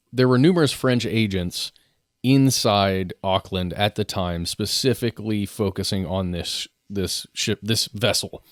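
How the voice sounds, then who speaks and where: A man's voice: fairly low pitch, dry recording, studio quality. A man co-hosting a podcast, speaking casually and restarting his sentences as he goes. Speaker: podcast co-host. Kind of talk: conversational podcast banter.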